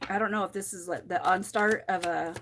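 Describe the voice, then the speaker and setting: A woman's voice: lowish voice, fairly even intonation, brisk, noisy background. A woman giving a live tarot reading to viewers, candid and emotional, swearing freely and restarting her sentences, close to tears. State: teary, close to crying. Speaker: tarot reader on a livestream.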